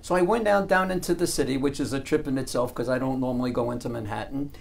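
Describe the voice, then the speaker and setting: A man's voice: mid-range voice, fast, gravelly. A man hosting a business talk show, telling a rambling personal anecdote in a casual way. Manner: rambling anecdotal storyteller with restarts. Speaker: radio show host. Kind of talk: casual storytelling.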